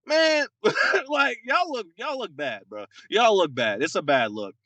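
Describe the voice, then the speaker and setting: A young man co-hosting a casual sports podcast, ranting in an animated, mocking way with lots of fillers and repeated words. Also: high voice, measured pace, dry recording. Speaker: podcast co-host.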